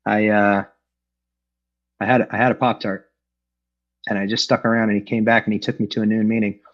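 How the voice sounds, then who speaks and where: Speaking briskly in a lowish, level voice, a middle-aged Angeleno recounts his recovery during an online meeting. He's frank, pokes fun at himself, and fills his speech with fillers, all through muffled, lo-fi video-call sound.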